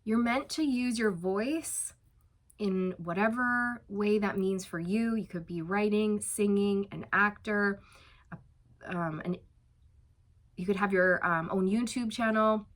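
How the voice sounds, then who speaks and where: This medium-pitched tarot reader keeps things casual and chatty, offering encouragement sprinkled with fillers and soft laughs. When she reassures, she slows down for emphasis.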